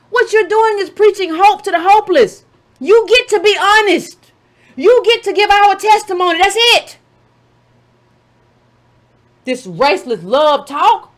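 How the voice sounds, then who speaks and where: Woman, very high voice, casual commentary, sarcastic, mocking, rhetorical. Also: expressive, normal speed, a bit bright. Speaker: political commentator.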